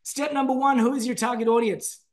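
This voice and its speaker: Man, high-pitched, energetic, presenting a business class. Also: brisk. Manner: energetic, emphatic, calls out names to the audience. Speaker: business trainer. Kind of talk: masterclass presentation.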